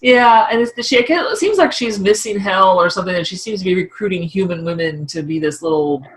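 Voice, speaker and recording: A middle-aged woman co-hosting a podcast, talking through a TV episode in a chatty, rambling way with quick asides. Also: mid-range voice, rough recording. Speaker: podcast co-host. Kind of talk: casual discussion of a TV episode.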